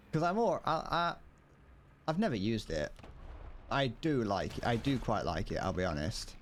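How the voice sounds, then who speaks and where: Here a young man chats on a gaming livestream of a tank game, rambling with frequent restarts and chuckles. He speaks slowly in a sing-song, mid-range voice and pauses often. There's slight background noise from his desk mic setup, and he wears headphones.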